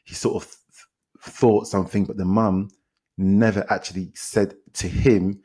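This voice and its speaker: This is a man with a London accent, talking casually on a film podcast. His voice sits low and has a husky edge. He tells the story in a lively way, repeats himself and quotes people as he goes. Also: unhurried. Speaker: podcast co-host reviewing films. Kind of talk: casual chat.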